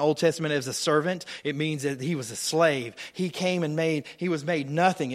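A man preaching a sermon as a pastor, passionate, swinging between loud declarations and quiet asides. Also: on the high side. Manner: passionate preaching, rising and falling in volume, quick asides. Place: church sanctuary.

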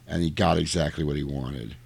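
A man's voice: extremely low pitch, creaky, husky, dry recording. A man in casual podcast chat, retelling a horror movie scene by scene and acting out the characters' lines. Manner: animated storyteller acting out lines in quick voices.

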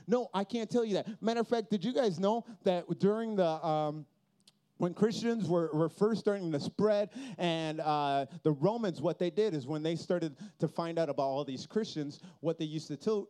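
A high-voiced young man preaches from a stage to a live crowd. He tells his story with animation, acting out each person in it and swinging between loud outbursts and hushed lines. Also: moderate pace. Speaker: youth camp speaker. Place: stage before a live audience.

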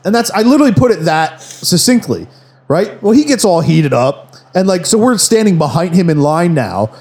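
A man co-hosting a podcast, telling a profane, animated anecdote in casual chat. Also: high-pitched, moderate pace. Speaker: podcast co-host.

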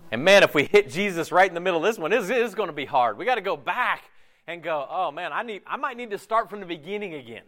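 A man preaching a sermon in a conversational, animated way, often slipping into quick voiced asides. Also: high voice. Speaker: pastor.

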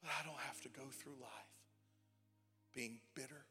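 A young adult man preaching a sermon in a church, tearful and emotional, dropping to near whispers and rising to shouted cries. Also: medium pitch, steady tone, moderate pace, breathy edge. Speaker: pastor. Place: church sanctuary. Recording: long hall reverb with faint music.

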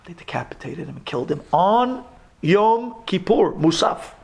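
A man's voice: high-pitched, sing-song, normal speed, vocal fry, darkish tone, breathy edge. Dramatic rabbi, a man telling a sermon story. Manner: dramatic, dropping to whispers then rising.

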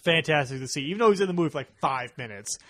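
A young man hosting a casual movie review chat, rambling and animated, quoting scenes in put-on voices. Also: fairly high pitch, rapid-fire, no echo. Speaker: host.

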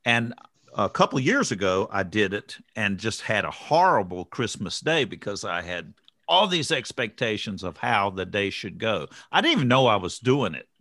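Guy in a group chat, bright lively voice, dry close sound. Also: lowish voice, moderate pace, dry recording. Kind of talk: casual group chat on recovery.

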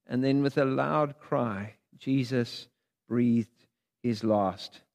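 A man's voice: medium pitch, slow pace, gravelly, a little mellow. A man preaching a sermon, reading scripture dramatically with big rises and drops in his voice. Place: church sanctuary. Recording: long hall reverb.

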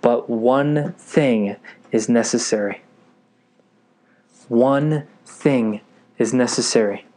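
A man's voice: mid-range voice, darkish tone. A man preaching a sermon with eager energy, reading scripture and often checking that his listeners are following. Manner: eager, keeps checking in with the audience.

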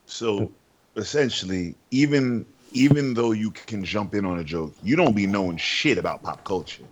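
A man co-hosting a podcast in casual banter, putting dry, deadpan questions to the others. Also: lowish voice, normal speed, lo-fi sound.

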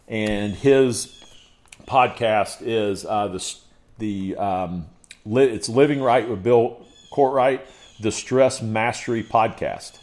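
A man's voice: lowish voice, takes it slowly, darkish tone. A man as a podcast guest in casual conversation, laying out his points in emphatic lists and checking in with "okay".

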